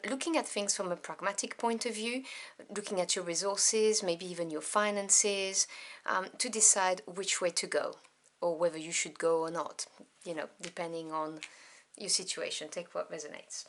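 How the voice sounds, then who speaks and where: A woman giving a tarot reading to camera, gentle and meandering, with many pauses and apologies. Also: fairly low pitch, fairly even intonation. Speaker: tarot reader.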